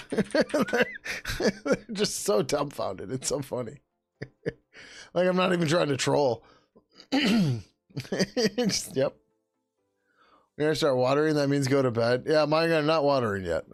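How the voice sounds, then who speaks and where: A tired man on a casual coding livestream, swearing, laughing and muttering code names as he works, his throat getting hoarse. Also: a little high, lively intonation, measured pace, pauses often, no echo, studio quality. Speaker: livestreaming programmer.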